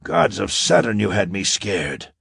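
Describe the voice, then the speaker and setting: A man's voice: on the low side, very animated, a little slow, vocal fry, a bit bright, husky, no room sound, studio quality, exaggerated voice. A man voicing a nervous alien companion who stammers and bleats. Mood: anxious.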